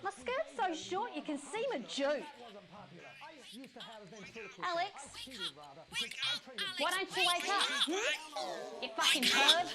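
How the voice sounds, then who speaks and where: A taunting high-voiced female temptress. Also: very animated, unhurried, few pauses, over a noisy crowd, exaggerated voice. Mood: indignant. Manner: taunting, purring, sarcastic. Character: scheming female TV host tempting toward evil. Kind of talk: video game voice acting. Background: loud music.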